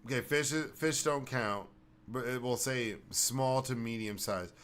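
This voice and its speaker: A man's voice: medium pitch, unhurried, a bit bright, slight background noise. A man hosting a casual podcast, telling rambling stories full of swearing. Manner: rambling, profane, storytelling. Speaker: podcast host.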